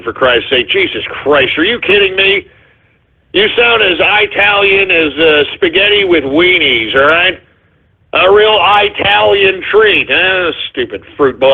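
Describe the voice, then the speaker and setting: A man's voice: high voice, animated, a little slow, breathy edge. A man hosting a call-in radio show, ranting angrily and swearing at his callers. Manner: angry ranting, swears a lot. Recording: tinny phone-like broadcast audio.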